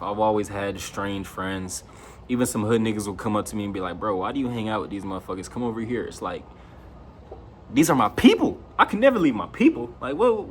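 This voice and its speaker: A man's voice: mid-range voice, slight background noise. A young man talking straight to camera in a loose, slangy monologue, raising his voice when he quotes his friends. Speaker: vlogger.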